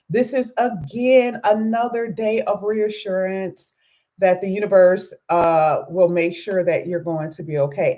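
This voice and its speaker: A woman runs a live tarot reading, her voice still low from having just woken up. She is chatty and greets her viewers one by one as she lays out the cards. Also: a little mellow. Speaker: tarot reader.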